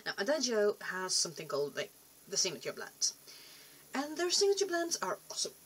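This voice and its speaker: A woman's voice: mid-range voice, wildly swooping pitch, fairly quick, fairly bright tone, breathy edge. A young woman rambling casually to camera in a vlog, chatty and self-deprecating, often trailing off and restarting. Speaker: vlogger.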